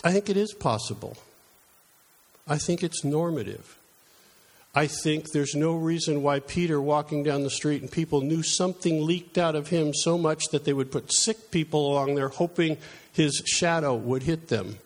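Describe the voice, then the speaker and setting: Middle-aged man, preacher, conversational sermon, storytelling, self-deprecating, fairly high voice. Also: moderate pace. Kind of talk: conversational sermon with personal stories.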